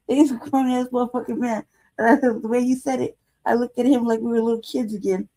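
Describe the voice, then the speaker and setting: A woman's voice: fairly high pitch, fairly even intonation, fairly quick, mellow. A woman in her forties hosting a casual livestream, telling a rambling story full of laughter and profanity. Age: 40s. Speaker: livestream show host.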